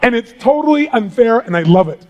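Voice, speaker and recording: A middle-aged man giving a live motivational seminar talk to a large audience in a hall, booming and energetic, swinging from hushed asides to shouting. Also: a little fast, a little hiss or hum. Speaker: motivational speaker.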